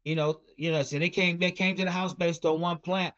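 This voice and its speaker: High-voiced rambling middle-aged man. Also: steady tone, brisk, a bit bright. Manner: rambling, repeats words and fillers like "you know". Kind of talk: casual storytelling. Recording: dull lo-fi recording.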